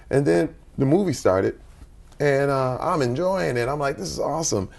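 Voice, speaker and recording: Man guest in his 40s, raspy gravelly voice, lively storyteller who acts out the dialogue. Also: normal speed. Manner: animated storyteller, acts out quotes with big pitch jumps. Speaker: interview guest. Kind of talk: conversational storytelling.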